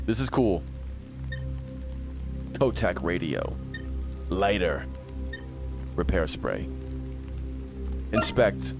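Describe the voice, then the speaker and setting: A deep-voiced man gives let's-play commentary on a survival horror game, full of sarcastic jokes. He reads on-screen text aloud as he goes. Game music and rain play under his voice. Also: expressive, very slow, pauses often. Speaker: gaming streamer.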